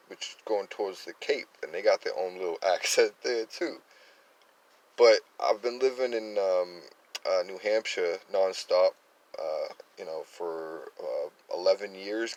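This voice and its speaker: A low-voiced man from Massachusetts, with a slight Worcester accent, delivers opinionated political commentary at a moderate pace. His monologue rambles, full of fillers and false starts, and the audio is poor.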